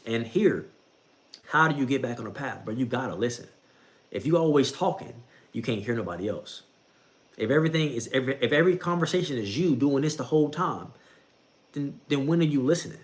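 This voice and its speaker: Animated and fairly quick, this medium-pitched young man streams a laid-back talk on faith. He's very repetitive and conversational, says bro constantly and chuckles at his own jokes.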